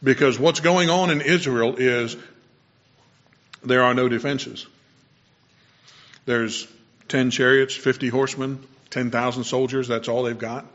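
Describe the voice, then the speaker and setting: A man's voice: mid-range voice, steady tone, unhurried, pauses often, a bit bright. Conversational male preacher, dull lo-fi sound. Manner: explanatory, with personal asides and self-corrections. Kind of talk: conversational sermon.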